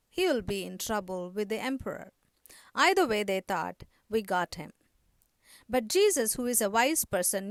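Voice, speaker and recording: A woman pastor preaching a sermon, telling stories and slowing down on key phrases for emphasis. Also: fairly high pitch, no echo.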